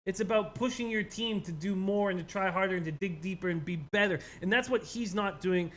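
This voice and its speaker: A man's voice: sits high, a little fast, a bit bright, a little hiss or hum. A man co-hosting a sports betting show, giving his picks in a casual, thinking-aloud way with fillers and repeats. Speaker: co-host, sports betting analyst.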